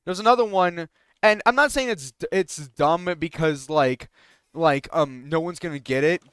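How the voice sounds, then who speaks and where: A man's voice: a little high, moderate pace, a bit bright, clean tone, no room sound, studio quality. A young man streamer telling a rambling story with many restarts and fillers, sometimes indignant, in casual talk while gaming.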